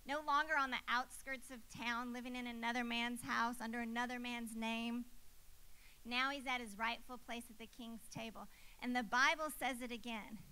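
Bright, high-voiced woman preaching. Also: steady tone, moderate pace, clear, resonant tone, poor audio. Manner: emphatic, repeats phrases for effect. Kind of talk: sermon.

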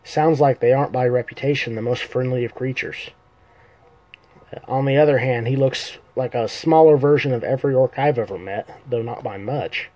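Man reading diplomatic male adventurer, measured, persuasive, mellow voice. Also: medium pitch, natural voice, low-quality recording. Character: diplomatic young human adventurer, calm persuader.

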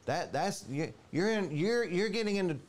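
A man preaching a conversational sermon in a church, animated and chatty, acting out quoted voices. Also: moderate pace. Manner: animated, storytelling, jumps to higher pitch for quoted voices. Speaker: pastor.

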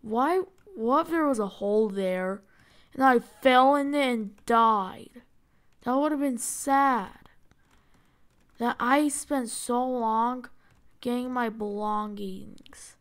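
A female gamer giving excitable live commentary while she plays, talking to the game and to her viewers. Her voice is high-pitched and her speech slow and drawn out. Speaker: gaming channel host.

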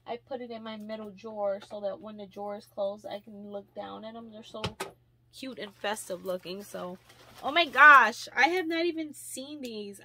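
Young woman, casual vlog chat, gravelly fry, gushing and filler-heavy. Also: a little high. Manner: chatty, gushing, with many fillers. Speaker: vlogger.

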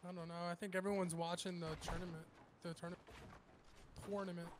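A young man teaming up in a game, trading laid-back banter and quick callouts in casual chat. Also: high-pitched, flat delivery, a little hiss or hum. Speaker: gaming teammate.

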